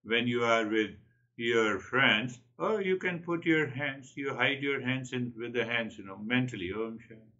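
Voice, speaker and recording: A man's voice: medium pitch, measured pace, sharp tone, highs cut off. A man giving a spiritual talk, earnest and repeating his key phrases. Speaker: spiritual teacher.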